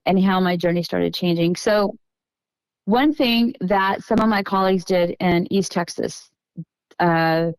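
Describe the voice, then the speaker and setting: Smooth-voiced middle-aged woman telling stories. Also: on the low side, a little mellow, no echo, low-quality recording. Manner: meandering, self-correcting storyteller. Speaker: podcast guest. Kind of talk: casual storytelling interview.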